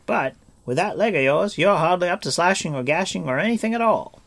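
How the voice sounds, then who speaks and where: A man voicing an excitable, talkative grown male bard in a lifted, animated tone. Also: sits high, brisk, gravelly, pitched above the performer's own voice, heavily acted. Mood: wry.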